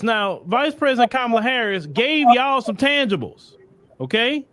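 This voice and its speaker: A man's voice: very high voice, very animated, moderate pace, a bit bright. A man hosting a commentary show, speaking straight to his audience in a preachy tone and repeating himself. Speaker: podcast host. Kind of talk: animated commentary.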